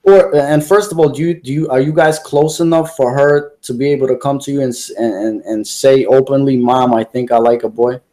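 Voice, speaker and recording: A man's voice: mid-range voice, fairly even intonation, a little fast, few pauses, dark tone. A man hosting a podcast, asking casual questions in a hesitant way, often restarting his sentences. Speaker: podcast host. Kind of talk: casual interview.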